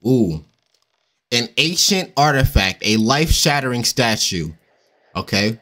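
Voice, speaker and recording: A young man giving animated, slangy let's-play commentary on a horror game, swearing and yelping when startled. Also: mid-range voice, a little slow. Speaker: gaming YouTuber.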